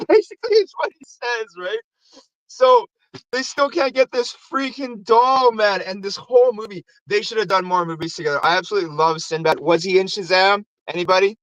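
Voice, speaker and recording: A man's voice: sits high, normal speed, dry recording, highs cut off. A man hosting a show, casually recapping a movie with lots of swearing and acted-out quotes. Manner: animated, acts out quotes in raised voices. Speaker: show host.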